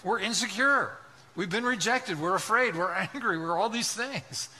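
A man delivers an impassioned sermon in a high, piercing voice. His tone is forceful and tense, and he presses one rhetorical question after another while now and then acting out voices from the story. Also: normal speed. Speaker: pastor.

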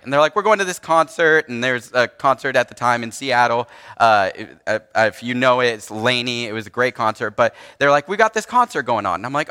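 A man's voice: mid-range voice, lively intonation, fairly quick, hardly any pauses, sharp tone, clean tone. A young man preaching, telling a personal story in a casual, earnest way with frequent restarts and fillers. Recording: long hall reverb.

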